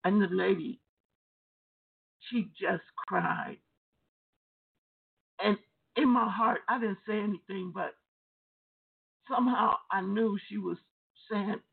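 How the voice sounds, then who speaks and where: Gravelly preacher telling a deliverance story. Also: mid-range voice, slow, pauses often. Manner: repetitive, emphatic storytelling with restarts. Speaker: deliverance minister. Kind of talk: testimony preaching. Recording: tinny phone-like lo-fi sound.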